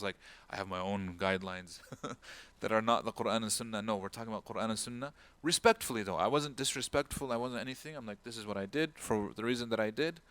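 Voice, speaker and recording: With no echo, a man's lowish, slightly bright voice carries an informal religious talk he gives as an imam in lecture style. He narrates a story, acting out the people in it with a raised voice, and scatters Arabic words and phrases through his speech.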